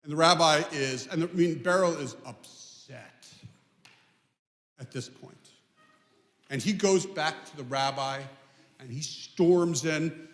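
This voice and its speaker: A man's voice: fairly high pitch, slow, long pauses, fairly bright tone. A man telling a story at a children's family service, playful and chatty, talking with the audience. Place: synagogue sanctuary. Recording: echoey hall.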